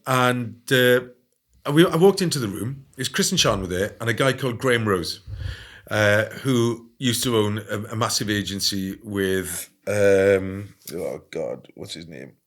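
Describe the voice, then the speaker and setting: A man telling stories in a casual interview, animated and often adding "right?". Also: on the low side, unhurried. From Wales. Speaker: guest.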